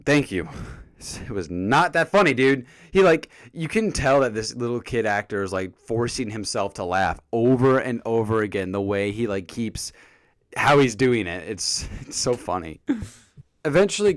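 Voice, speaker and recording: A man casually reviewing a TV episode for his vlog, jokey and animated, often acting out the characters' lines. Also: fairly low pitch, no room sound.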